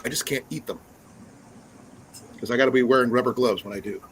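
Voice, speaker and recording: A man hosting a relaxed live stream and chatting at an ordinary pitch. He rambles along, often stopping on fillers and restarting his sentences, with a faint hum of noise behind him. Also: a little fast, poor audio. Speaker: livestream host. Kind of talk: casual live-stream chat.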